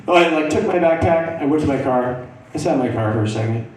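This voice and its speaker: A young stand-up comic with a slightly high voice talks fairly quickly as he tells a profane story on a comedy club stage. He's animated and acts out the people in it, heard from a distance in an echoey room with faint noise.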